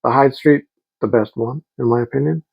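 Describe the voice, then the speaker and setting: A man's voice: medium pitch, fairly quick, vocal fry, breathy edge, lo-fi sound. A middle-aged man telling rambling, enthusiastic stories in a casual vlog. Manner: rambling, enthusiastic, quotes people in voices. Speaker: vlogger.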